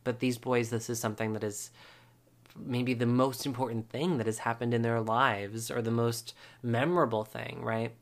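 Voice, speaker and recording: A man's voice: mid-range voice, flat delivery, normal speed. A man hosting a podcast, recapping a reality show episode in a casual, chatty way with wry asides and frequent ums.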